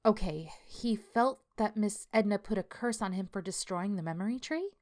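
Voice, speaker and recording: Give a skeptical, sharp-tongued woman investigator pitched higher than the narrator's own voice, as a woman reads her part. She questions with open indignation. It sounds like a storybook reading. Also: normal speed, lightly acted. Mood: incredulous.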